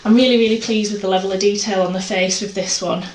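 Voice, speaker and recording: An artist vlogger talks casually about her art, rambling and poking fun at herself. She speaks fast in a mid-range voice with fairly even intonation, and the room is echoey with faint noise.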